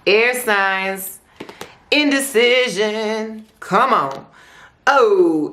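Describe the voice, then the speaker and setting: A woman's voice: lowish voice, measured pace, a bit bright. A woman giving a weekly tarot forecast in a chatty, slangy way, repeating phrases and adding playful asides. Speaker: tarot reader.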